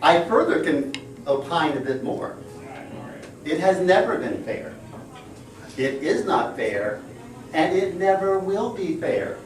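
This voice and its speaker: A man's voice: high voice, expressive, a little slow, soft background music. A middle-aged man giving a humorous prepared speech to a club, playful and laughing between lines. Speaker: club speaker. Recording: echoey room, far mic.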